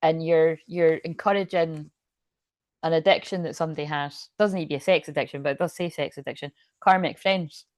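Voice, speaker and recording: A woman's voice: low-pitched, steady tone, fairly quick, darkish tone, no echo. A woman reading tarot cards on a live stream, chatty and laughing often, with rambling asides. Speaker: tarot reader.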